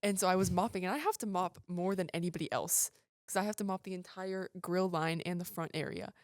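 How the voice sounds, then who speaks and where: A woman's voice: lowish voice, brisk, no echo, studio quality. A teenage girl hosting a casual chat show, teasing her friend and laughing often. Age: teens. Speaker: host.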